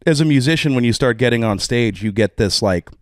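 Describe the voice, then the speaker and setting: Texan drummer, podcast guest; candid, profane, rambling; dry close mic. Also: male voice, mid-range voice, expressive, fairly quick, no room sound. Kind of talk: casual conversation.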